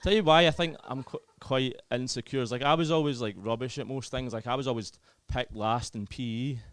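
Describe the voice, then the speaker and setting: A man's voice: medium pitch, brisk, fairly bright tone. A young Scottish man with a Scottish accent performing a self-deprecating, chatty stand-up comedy set. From Scotland.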